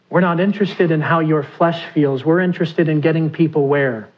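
A man's voice: on the high side, normal speed. Preaching man, muffled lo-fi recording. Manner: asks the congregation questions, acts out quoted pleas. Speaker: pastor. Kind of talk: sermon.

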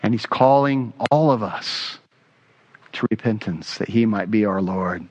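A man's voice: fairly low pitch, a little slow. A man preaching a sermon as pastor, earnest and emphatic, repeating his key phrases.

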